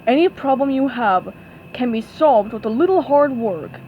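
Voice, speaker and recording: A woman reading a storybook aloud, voicing a loud, gruff crab who runs a restaurant. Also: fairly high pitch, animated, normal speed, highs cut off, slight background noise, close to an everyday voice. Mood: fatherly. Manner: loud, blustery exclamations. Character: gruff loud older crab boss, money-minded.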